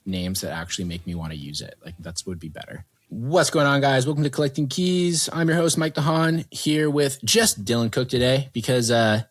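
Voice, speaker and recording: A man's voice: medium pitch, moderate pace, few pauses. A man hosting a podcast in casual chat, rambling with lots of fillers and joking asides. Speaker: podcast host.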